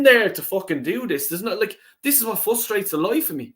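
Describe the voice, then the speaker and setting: A man's voice: sits high, sing-song, a little fast, a bit bright. An Irish man hosting a casual live stream, reading out chat comments, swearing freely, with lots of ums and restarts. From Ireland.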